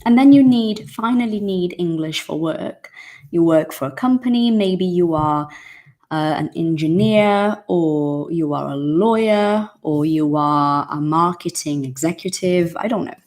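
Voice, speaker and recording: A woman's voice: on the low side, unhurried, a little mellow. A woman teaching an English lesson to her viewers in a casual, emphatic way, repeating key points and addressing them directly.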